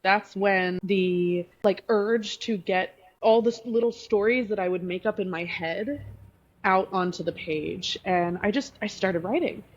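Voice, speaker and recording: Giggly author guest on muffled audio. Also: female voice, mid-range voice, unhurried, slightly rough. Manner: hesitant, laughs often, many fillers. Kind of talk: casual podcast interview.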